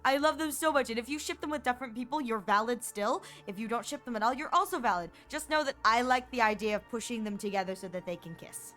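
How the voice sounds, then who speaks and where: A woman streamer chats casually and excitedly, her fairly high voice bouncing as she giggles and drops into playful mock voices. Faint music plays underneath. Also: quick pace, hardly any pauses. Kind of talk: casual chat on a game stream.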